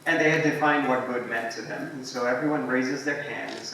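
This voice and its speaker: A man giving a relaxed, anecdotal keynote talk to an audience, telling stories with frequent ums and asides. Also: medium pitch, normal speed, vocal fry. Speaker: invited guest speaker. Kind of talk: conversational storytelling keynote talk. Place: large echoing university hall. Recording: echoey hall, distant mic, faint noise.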